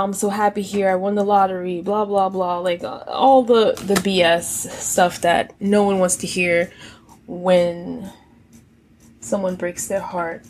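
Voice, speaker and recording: A woman's voice: medium pitch, slight background noise. A woman giving a casual tarot reading, musing aloud with rhetorical questions and reciting song lyrics. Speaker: tarot reader.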